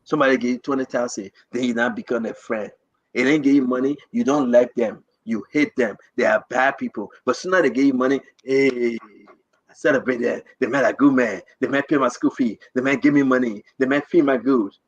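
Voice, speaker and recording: A man's voice: medium pitch, steady tone, fairly quick, no echo, dull audio. A man with a Liberian accent hosting a livestream, giving an impassioned political address to his online viewers with rousing, repetitive rallying cries. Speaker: livestream host.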